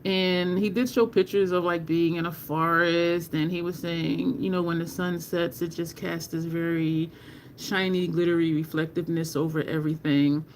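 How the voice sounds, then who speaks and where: A woman hosting a makeup livestream from home, talking slowly and rambling while she greets viewers from the chat. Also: fairly low pitch, flat delivery, slight background noise.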